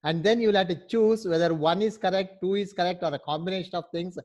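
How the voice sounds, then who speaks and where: A man teaches an online class, patiently explaining things step by step and repeatedly asking "right?" to check understanding. His voice sits high with a darkish tone, he talks fast, and the recording is muffled.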